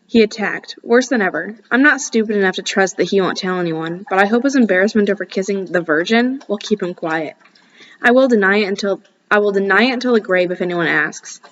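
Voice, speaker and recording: A woman's voice: medium pitch, brisk, fairly bright tone, muffled recording, a little hiss or hum. A woman reading a first-person novel aloud, casual and breaking off now and then for asides. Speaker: audiobook reader.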